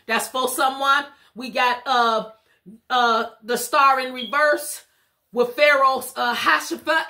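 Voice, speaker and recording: A woman's voice: high-pitched, steady tone, takes it slowly, sharp tone. A woman giving a live spiritual tarot reading, talking in a rhythmic preaching cadence and turning casual and chatty in between. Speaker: spiritual reader.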